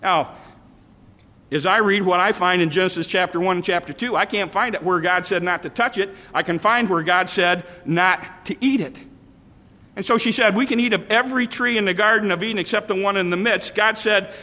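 A male pastor preaches in a high, bright voice, leaning on repeated phrases and slowing down for emphasis. The sound rings with long reverb from a large hall. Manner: repetitive preaching cadence with drawn-out emphatic phrases. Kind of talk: evening sermon.

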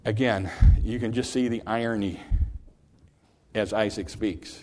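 A middle-aged man preaching a sermon, earnest, repeating phrases and rising in pitch on points he stresses. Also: fairly even intonation, normal speed. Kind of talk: sermon, Bible teaching.

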